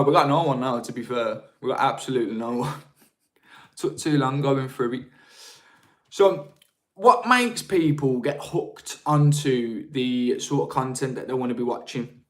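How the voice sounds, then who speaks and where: A man's voice: medium pitch, fairly bright tone. A young man hosts a live stream in an easygoing, informal way. He drops slangy asides to his viewers as he talks. His voice sits in a middle register. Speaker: live-stream host on marketing. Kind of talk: casual live-stream talk, reading viewer chat.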